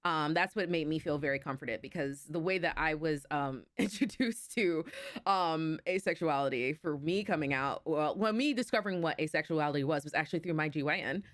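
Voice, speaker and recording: A woman's voice: deep voice, brisk, no echo. Chatty woman podcast host, dry sound. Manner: chatty, laughs often, many fillers. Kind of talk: casual interview chat.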